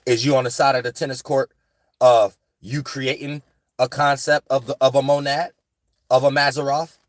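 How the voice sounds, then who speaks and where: A man's voice: mid-range voice, level tone, normal speed, no room sound. Man, casual spiritual monologue, rambling, dry room. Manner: rambling, repeats "you know what I'm saying". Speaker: astrology channel host.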